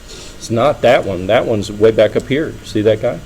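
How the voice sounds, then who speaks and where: A man's voice: lowish voice, animated, moderate pace, a little mellow, slight background noise, rough recording. Man lecturing a classroom, chatty. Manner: conversational, asks students frequent checking questions. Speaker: engineering lecturer.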